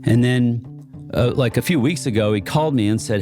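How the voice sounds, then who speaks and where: With soft music playing behind him, a man talks a little fast in a medium-pitched, dark voice. He's an interview guest who supports inventors, telling chatty stories with many laughs, fillers, and restarts.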